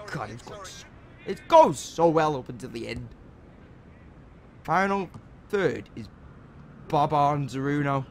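Excitable man commentating his gameplay. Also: fairly high pitch, slow, long pauses, a little hiss or hum. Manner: excitable, shouts encouragement and swears at players. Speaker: gaming channel host.

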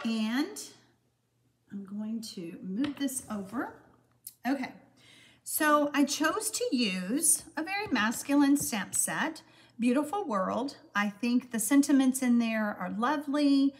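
A woman's voice: on the high side, a little hiss or hum. A woman in her sixties hosting a live-stream craft demonstration, chatty and friendly, with lots of "um" fillers. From Texas, USA. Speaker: card-making host.

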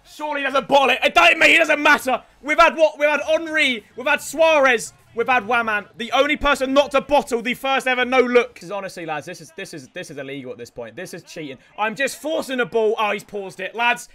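A young man commentating his own football video game matches, hoarse from yelling celebrations. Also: extremely high pitch, lively intonation, fairly quick, hardly any pauses, faint music behind. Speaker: gaming YouTuber.

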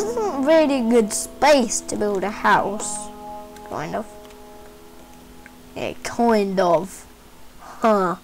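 A woman's voice: medium pitch, expressive, takes it slowly, long pauses, soft background music, low-quality recording. A woman rambling her way through casual gameplay commentary, chatty with giggly asides. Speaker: game player.

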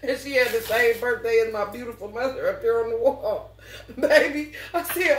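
A woman's voice: fairly high pitch, normal speed. A woman tarot reader telling stories to her viewers in a casual, profane way, laughing often as she talks. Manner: animated, laughs often, heavy swearing. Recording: roomy echo, mic at a distance, faint background noise.

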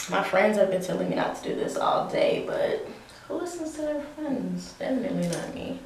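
A young woman vlogging to camera, nervous and excitable, exclaiming and laughing as she talks. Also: mid-range voice, slight background noise. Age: young adult. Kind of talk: casual vlog talk to camera. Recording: echoey room, some distance from mic.

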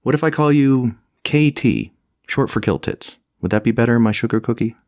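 A man's voice: mid-range voice, expressive, moderate pace, darkish tone, no room sound, studio quality, voice pushed up, lightly acted. A man voicing a brash, childish grown man in an audiobook, crude and boastful. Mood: sweet-talking. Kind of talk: audiobook character voice.

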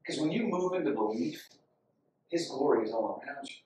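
A man preaching a sermon, impassioned and repetitive, rising loud when he reads scripture aloud. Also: medium pitch, animated, brisk, slight background noise. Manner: impassioned, repeats phrases, rises loud when reading scripture. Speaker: pastor. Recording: echoey hall, from far off.

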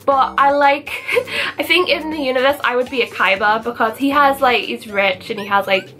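High-voiced gushing young woman vlogger. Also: normal speed, faint music behind. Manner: gushing, animated fangirl talk with gasps and mock outrage. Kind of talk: casual chatty countdown vlog.

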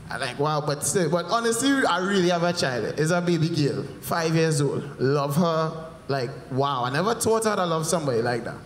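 A man tells comic stories on stage, slipping into voices for the people in them. His voice sits somewhat high, and it rings through a large, echoey hall with a long reverb tail. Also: normal speed, slight background noise. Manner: animated storytelling with character voices. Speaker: stand-up comedian. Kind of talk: stand-up comedy set. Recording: echoey hall, live performance.

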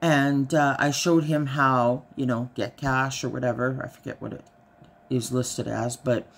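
A woman's voice: extremely low pitch, fairly even intonation, a little slow, gravelly. A middle-aged woman chatting casually in a vlog, telling a story with a lot of "I said" and a dry delivery. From Canada. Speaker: haul vlogger.

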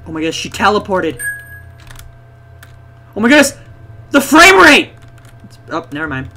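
An excitable, jokey streamer giving live gameplay commentary, swinging into mock wailing. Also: mid-range voice, moderate pace.

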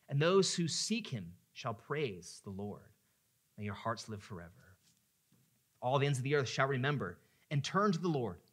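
A man preaching a sermon as a pastor, earnest, at times swelling into impassioned pleading and at times dropping to a hush. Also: medium pitch. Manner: earnest, rises to impassioned pleading in voiced prayers.

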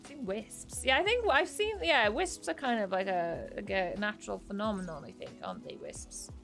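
A woman's voice: mid-range voice, very animated, moderate pace, a bit bright, soft background music. A young woman chatting casually while streaming a game, thanking viewers by name and laughing at her own confusion. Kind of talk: casual live-stream chat while playing.

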